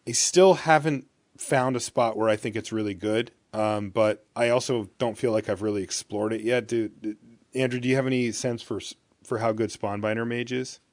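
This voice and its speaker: A man's voice: mid-range voice, steady tone, moderate pace, no echo. A man co-hosting a podcast, leading a casual card-game chat and reading out card text. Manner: leads the discussion, reads out card text. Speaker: podcast co-host.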